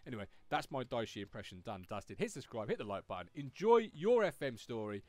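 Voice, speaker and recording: A man's voice: medium pitch, big pitch swings, fairly quick, darkish tone, no room sound. A man hosting a video game guide in a chatty, upbeat, conversational way. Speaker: host.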